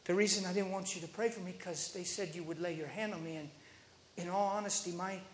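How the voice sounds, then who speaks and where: Casting: shy older woman with bad knees, soft and polite, put on by a male preacher; echoey room. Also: sits high, fairly even intonation, fast, a little hiss or hum, natural voice. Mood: embarrassed.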